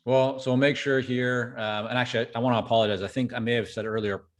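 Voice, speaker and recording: A man's voice: mid-range voice, steady tone, quick pace. Canadian male podcast host, friendly, easygoing wrap-up delivery. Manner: friendly, wraps up with show-notes plugs. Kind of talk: casual interview conversation.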